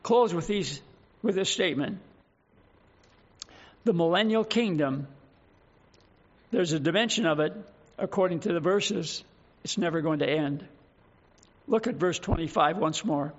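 A male pastor preaching a sermon, reading scripture slowly with emphasis and putting questions to his congregation. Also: on the high side, lo-fi sound.

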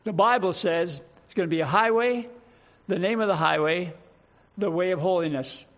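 A male pastor preaching a sermon, reading scripture slowly with emphasis and putting questions to his congregation. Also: sits high, a bit bright, dull audio.

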